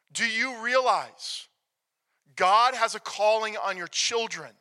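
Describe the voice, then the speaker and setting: A man preaching a sermon, emphatic, swinging from loud declarations to hushed near-whispers. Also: very high-pitched. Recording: long reverb of a large hall.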